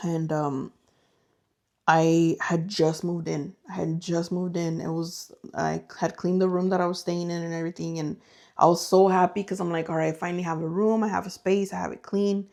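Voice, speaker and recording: A woman co-hosting a podcast tells ghost stories in a casual, animated way, her voice lowish, gravelly, and a little fast. She acts out the voices and noises in her tales.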